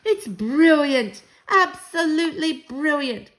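Voicing a spirited old grandmother witch-hunter, this reader sounds fervent, delivering lines with emphatic command. She keeps a moderate pace in a slightly high voice pushed up from her own, which still sounds natural.

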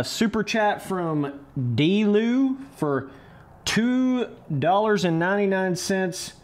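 A young man streaming a motocross game live, swearing casually, coaching himself through the race and chatting with viewers. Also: fairly high pitch. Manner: casual, profane, talks to chat as brother and dudes; talks himself through the race under his breath. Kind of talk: live gameplay commentary.

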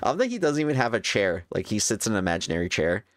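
A man's voice: lowish voice, sing-song, racing. A man streaming a game and reading its dialogue aloud in a playful, jokey way. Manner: playful, laughing, jokey asides. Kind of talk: casual let's-play reaction, reading dialogue aloud.

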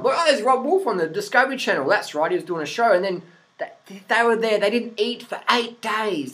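Aussie guy ranting at the camera, swears a lot, slightly high voice, chuckles at himself. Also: fairly bright tone. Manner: blunt, sweary, laughs at own points. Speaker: vlogger. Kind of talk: profane opinion rant to camera.

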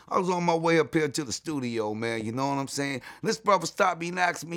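Middle-aged ny guy telling old stories, excitable, keeps asking you know what im saying. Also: quick pace, creaky, few pauses. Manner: excitable, repeats "you know what I'm saying", jumps to high voice when quoting. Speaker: interview guest. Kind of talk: animated storytelling.

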